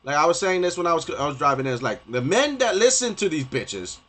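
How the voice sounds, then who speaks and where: A man with a somewhat raised voice talks off the cuff on a live stream. His rant is profane and rambling, and he keeps circling back to the same filler phrases. At times he gets loud and heated. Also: a little high, big pitch swings, fast, hardly any pauses. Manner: profane, rambling, repeats "you know what I mean".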